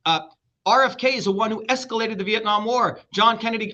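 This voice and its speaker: A man's voice: sits high, fast, pushed and bright. A middle-aged man speaking as an interview guest, blunt, combative and heavily profane. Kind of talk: heated interview talk. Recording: dull lo-fi sound.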